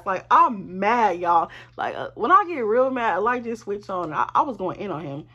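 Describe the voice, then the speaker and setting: A woman telling a storytime to her viewers in a lively, profane, chatty way, speaking straight to them. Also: mid-range voice, moderate pace, hardly any pauses, husky. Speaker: vlogger. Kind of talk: casual storytime.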